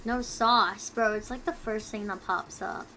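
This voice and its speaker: A tipsy young woman streamer chatting casually with viewers, talking quietly and rambling with giggles close to her mic. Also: mid-range voice, steady tone, measured pace, a little hiss or hum, poor audio. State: tipsy from drinking. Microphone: close desk mic.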